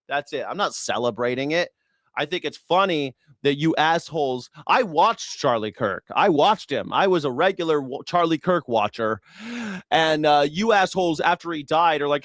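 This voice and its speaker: A man's voice: mid-range voice, expressive, moderate pace, fairly bright tone, no room sound, studio quality. A man streaming political commentary in a heated, profane rant, sarcastic and mocking his opponents. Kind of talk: ranting live stream commentary.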